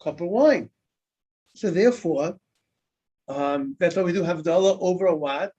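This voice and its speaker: Rabbi guy with a high voice teaching gemara, keeps asking the class stuff and answering it, muffled lo-fi audio. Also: moderate pace, dark tone, husky. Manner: repeats words, asks students questions and answers them. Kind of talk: informal Talmud lesson. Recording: dull lo-fi recording.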